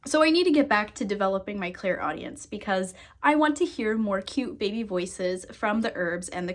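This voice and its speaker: A woman psychic and energy worker chatting casually to camera, expressive, laughing and swearing freely. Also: mid-range voice. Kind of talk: casual to-camera vlog chat.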